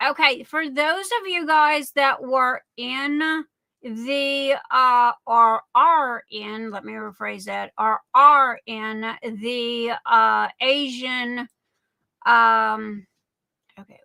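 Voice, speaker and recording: Woman livestream host, high bright voice, chatty and affectionate, dry close sound. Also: steady tone, drawn-out words, vocal fry, no room sound, rough recording. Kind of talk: casual livestream chat.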